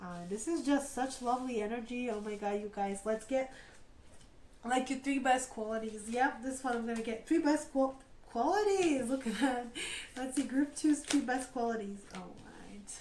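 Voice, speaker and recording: A woman chats through a tarot reading, talking straight to her viewers and cheering them on. Her voice sits fairly high, yet she speaks in a lowered tone with a light vocal fry. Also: moderate pace, a little mellow, slight background noise, rough recording. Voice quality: lower tone than usual, slight vocal fry. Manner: chatty, encouraging, speaks to viewers directly. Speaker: tarot reader. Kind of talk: casual spoken tarot reading.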